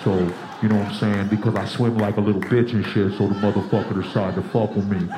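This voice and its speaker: A man's voice: on the low side, level tone, fast, pitched below the performer's own voice, close to an everyday voice. A man voicing a surly, tough male stingray who talks like a streetwise gangster, swaggering and profane, in a stand-up act-out. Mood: aggrieved, boastful. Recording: echoey room, clear background noise.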